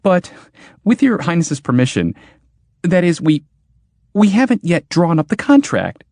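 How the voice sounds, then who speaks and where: A man's voice: a little high, huge pitch swings, a little slow, darkish tone, dry recording, pitched above the performer's own voice, heavily acted. A man voicing a timid male inventor who stammers in a weak voice. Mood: nervous.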